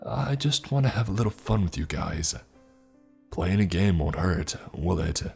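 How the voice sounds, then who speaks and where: A man voicing an ageless, sinister stranger in a suit who speaks in a calm, slow monotone. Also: low voice, gravelly, soft background music, exaggerated voice. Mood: calm, menacing.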